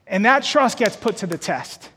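A man's voice: high voice, big pitch swings, moderate pace, pushed and bright, breathy edge, big-room sound. A man preaching a sermon as pastor of a church, repeating words as he builds toward emphatic peaks.

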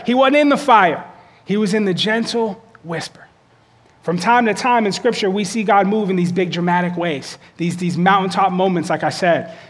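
A male pastor giving a conversational sermon. He repeats words and often checks in with "okay?". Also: high-pitched.

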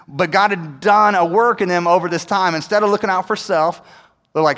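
A man preaching a sermon, telling the story with animated delivery and acting out the characters' lines. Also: on the high side, normal speed, in a large hall. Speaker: pastor.

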